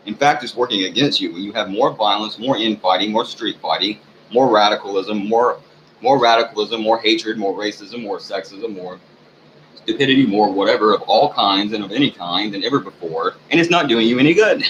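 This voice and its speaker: A man ranting in a rambling, profane monologue for his channel, halting often with fillers. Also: fairly low pitch, a bit bright. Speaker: channel owner. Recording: dull lo-fi recording with faint hiss.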